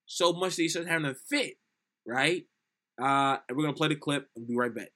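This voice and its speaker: A man's voice: on the high side, brisk, a bit bright. A young man co-hosting a casual film review podcast, animatedly retelling scenes and acting out lines. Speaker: podcast co-host.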